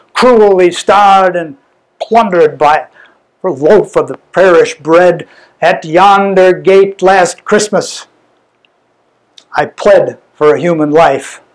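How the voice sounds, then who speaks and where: Man reciting a ballad live, slow and theatrical, fairly high voice, mournful. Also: poor audio. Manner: slow, theatrical, mournful delivery with sudden swells and hushes. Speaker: bard, poetry performer. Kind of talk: dramatic verse recitation. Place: live performance venue.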